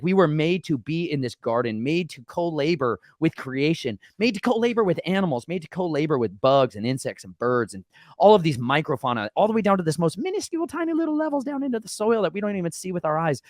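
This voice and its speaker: A man hosting his channel and telling his own story in an animated, rambling way. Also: fairly high pitch, no echo, clean studio sound. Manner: rambling and excitable, slipping into mock voices. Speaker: channel host. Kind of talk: animated personal testimony.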